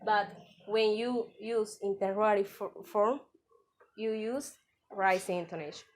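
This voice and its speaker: A woman's voice: mid-range voice, steady tone, unhurried, darkish tone, rough recording. A young woman giving a class presentation, carefully explaining grammar and reading example sentences aloud. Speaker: student presenter.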